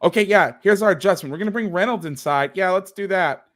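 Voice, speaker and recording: A man's voice: high-pitched, quick pace. A man hosting as a football coach, breaking down game film on a video call with sarcastic, exasperated commentary.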